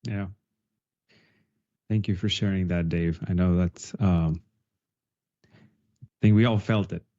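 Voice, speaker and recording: A male host with a low, mellow voice speaks very slowly and hesitantly, filling pauses with ums. He talks over a video call, and the sound is muffled and lo-fi. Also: steady tone. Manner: hesitant, with many fillers. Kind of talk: interview hosting.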